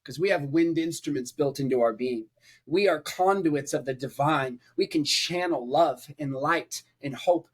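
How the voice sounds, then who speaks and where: A man's voice: on the high side, unhurried, husky. A man who is a preacher, talking as a podcast guest in a passionate conversational way, with emphatic repetition and rhetorical lists.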